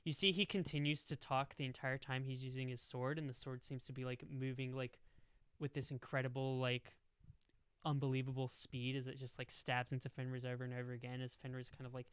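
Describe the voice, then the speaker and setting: A man's voice: medium pitch, level tone, a little fast, a bit bright, clean tone, dry recording. Rambling young man game master. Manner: rambling, full of "like" and "um". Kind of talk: narrating a tabletop game.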